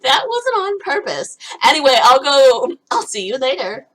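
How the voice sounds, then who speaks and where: Eine junge Frau liest beschwipst ein Visual Novel vor, plaudert locker, kichert viel und schweift ab. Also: female voice, high-pitched, sing-song, moderate pace, fairly bright tone, rough recording. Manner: giggly, rambling. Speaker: let's play host. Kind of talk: tipsy casual game reading.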